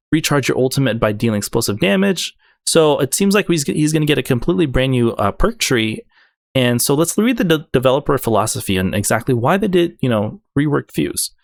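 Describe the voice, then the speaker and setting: A man's voice: mid-range voice, vocal fry, dry recording, studio quality. A man hosting a gaming video, breaking down game updates in an enthusiastic, rambling way with many fillers and restarts.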